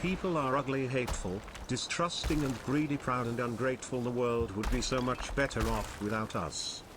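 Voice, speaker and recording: A man reading out short chat messages in a flat, matter-of-fact way. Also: mid-range voice, moderate pace, background noise.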